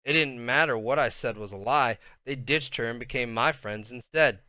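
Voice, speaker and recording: Guy reading a kids' novel out loud, clear tone, dry close mic. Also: medium pitch, moderate pace, no room sound. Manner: plain reading with casual asides. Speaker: reader.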